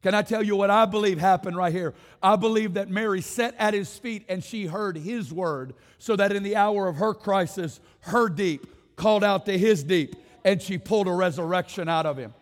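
A man's voice: high voice, normal speed, hardly any pauses, long reverb tail. A man preaching a sermon to a congregation in a church, building passionate, repetitive rhetorical runs and calling on the room to respond. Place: church sanctuary.

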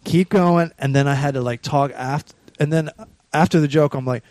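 In a dry recording, a man with a slightly high voice talks at normal speed, telling casual podcast stories about his stand-up gigs. He swears heavily and animatedly performs the voices of the people he quotes.

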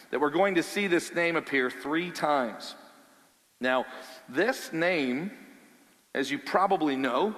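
Male pastor, sermon delivery, lively and conversational, bright forceful tone, hall reverb. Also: fairly high pitch. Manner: animated, conversational preaching with rhetorical questions.

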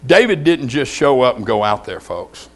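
A middle-aged man preaching a folksy, joking sermon full of stories. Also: normal speed. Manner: folksy, joking, animated storytelling with big pitch swings.

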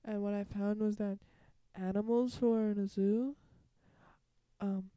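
A young man co-hosting a podcast in casual chat, soft-spoken and low on energy from being sick. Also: fairly even intonation, unhurried, smooth, no echo, dull audio. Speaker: podcast co-host, musician.

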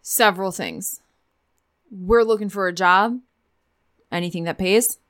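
A woman's voice: medium pitch, a little slow, a bit bright. A woman playing a tabletop role-playing game, speaking in a matter-of-fact, dry way. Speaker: player. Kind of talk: tabletop role-play chat.

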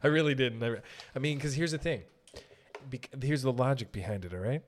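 A man hosting a podcast, joking around with a playful, teasing manner and laughing easily. His voice sits at a middle pitch for a man and keeps a loose, chatty rhythm. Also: animated, fairly quick. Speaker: podcast host. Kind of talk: casual chat.

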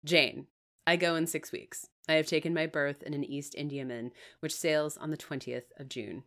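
A woman reading aloud as a zealous male clergyman, in a deep, commanding way. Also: steady tone, normal speed, fairly bright tone.

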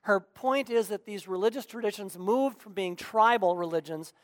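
A man minister preaching a sermon, earnest and emphatic with deliberate pauses, on a close pulpit mic in a large sanctuary. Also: high-pitched, no echo, long reverb tail.

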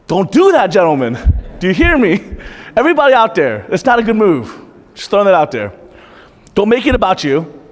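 A man's voice: high-pitched, big pitch swings, normal speed, long pauses. A male pastor preaching a sermon in a church, earnest and direct, often putting questions to the congregation. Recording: reverberant church hall.

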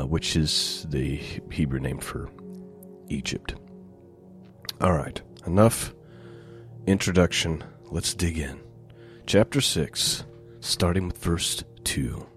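A man giving a relaxed, conversational Bible teaching, reading scripture aloud with rising emphasis. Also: rumbling low. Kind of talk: conversational Torah portion teaching.

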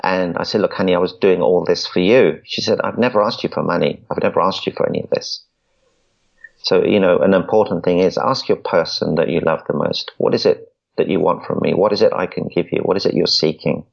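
Deep gravelly guy guest, earnest, stumbles into sentences, kinda dull muffled audio. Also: fairly even intonation, a little fast. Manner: earnest, repeats words when starting. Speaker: podcast guest. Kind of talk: storytelling interview.

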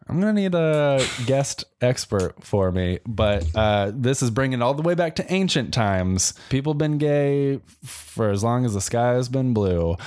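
A man's voice: mid-range voice, darkish tone, no room sound, clean studio sound. A young adult man co-hosting a podcast, telling history in a casual, joking way and putting on playful voices. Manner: jokey storyteller, playful voices. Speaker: podcast co-host. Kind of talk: casual comedic chat.

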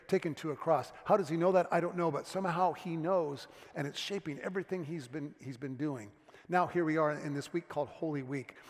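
A man preaching a sermon as a pastor, telling stories and dropping to a hushed tone for serious moments. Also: on the high side. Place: church sanctuary. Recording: long church reverb.

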